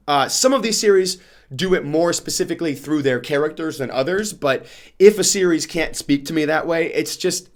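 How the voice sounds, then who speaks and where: Rambling, emotional young man vlogging. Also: fairly high pitch. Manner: rambling and emotional, many "like" fillers and restarts. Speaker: book vlogger. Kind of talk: casual vlog monologue.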